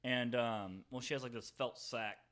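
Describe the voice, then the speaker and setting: A young man with a bright, forceful voice spins a long, rambling story on a casual podcast. He swears freely, laughs a lot and keeps checking in with his friends as he talks. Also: medium pitch, steady tone, normal speed. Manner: rambling, profane, laughs often. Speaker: podcast co-host.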